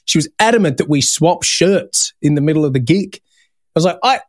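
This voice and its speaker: A man's voice: fairly high pitch, a little fast, no echo, clean studio sound. A man hosting a podcast, telling stories in casual chat and swearing freely. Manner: animated storytelling, swears casually. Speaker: podcast host.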